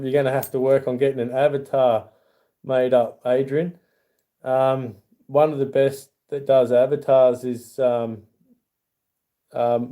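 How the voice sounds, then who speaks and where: A man's voice: medium pitch, warm tone. A middle-aged Australian man hosting a casual livestream, rambling in a friendly way and reading viewer comments aloud. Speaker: YouTube channel host.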